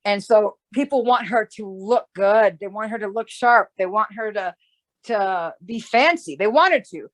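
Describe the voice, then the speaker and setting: Medium-pitched and moderately paced, a woman appears as an astrologer guest in a casual talk. She explains things at length in a rambling fashion, with restarts and repeated "right?" check-ins.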